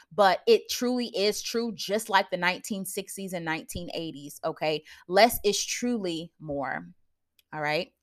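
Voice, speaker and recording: A woman's voice: fairly low pitch, a bit bright. A young adult woman hosting a podcast, giving blunt, preachy advice in casual slang, often laughing and asking listeners if they follow. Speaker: podcast host.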